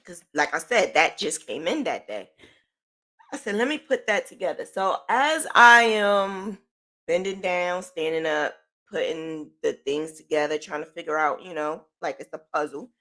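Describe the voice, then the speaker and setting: A woman hosting a podcast, telling a personal story in a chatty, animated way with informal slang. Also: deep voice, a little slow. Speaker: podcast host.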